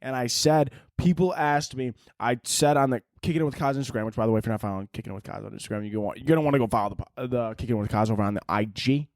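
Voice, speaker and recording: A man's voice: medium pitch, racing, few pauses, darkish tone, dry recording, clean studio sound. A man hosting a solo podcast, rambling through listener questions with crude, self-mocking jokes. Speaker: podcast host.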